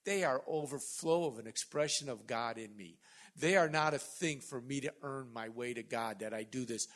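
A man in his sixties preaching a sermon as pastor, swinging between loud emphatic passages and quiet joking asides to the congregation. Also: medium pitch, normal speed.

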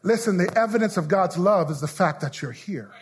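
High, lively shouting preacher man. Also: brisk, slight background noise. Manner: preaching with call-and-response, half-singing and shouting. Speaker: pastor. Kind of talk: sermon.

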